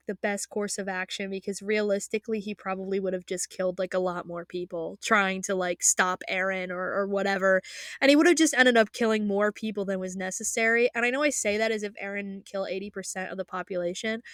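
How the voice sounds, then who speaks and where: A woman's voice: medium pitch, no echo, clean studio sound. A young woman ranting in a casual vlog as an anime fan, rambling and emotional, with frequent restarts and swearing. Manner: excitable, emotional. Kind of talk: casual spoken rant.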